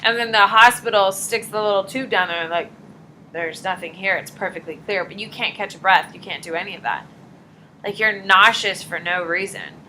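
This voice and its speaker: In a classroom, a woman teacher with a mid-range voice lectures fairly quickly in a casual, joking style, animatedly acting out short dialogues to explain things. The audio is poor, with slight background noise.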